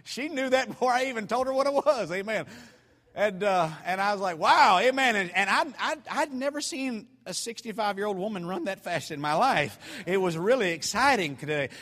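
A man from North Georgia with a Southern American accent, preaching a sermon as pastor with loud storytelling. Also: high-pitched, expressive, fairly quick. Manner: loud storytelling, swinging into shouts. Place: church. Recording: reverberant church hall.

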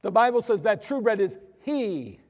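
A man preaching a sermon as pastor, in a chatty, animated storytelling way. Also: high voice, normal speed. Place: church sanctuary. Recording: long reverb of a church hall.

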